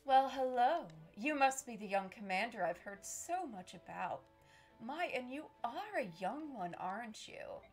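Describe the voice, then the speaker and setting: A woman voicing a smooth-talking young female traveling merchant in a game, with a coy, teasing manner. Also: fairly high pitch, animated, measured pace, soft background music.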